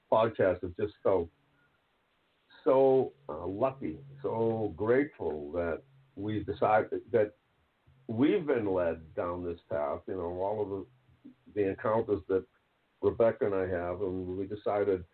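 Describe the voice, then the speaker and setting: A man hosting a podcast, talking earnestly and rambling with lots of fillers. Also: fairly low pitch. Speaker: podcast host. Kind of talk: casual chat. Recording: phone-like narrow sound.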